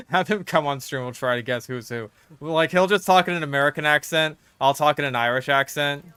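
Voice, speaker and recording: Joking male streamer, stumbling restarts, smooth clear tone. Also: a little high, brisk, pushed and bright, no echo. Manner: rambling, joking, stammering restarts. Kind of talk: casual gaming commentary.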